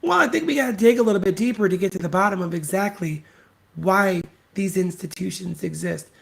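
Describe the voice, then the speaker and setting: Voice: medium pitch, brisk, creaky. A podcast host ranting solo, blunt and scornful, swearing freely and hammering points home by repeating them. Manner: emphatic repetition. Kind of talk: solo opinion rant.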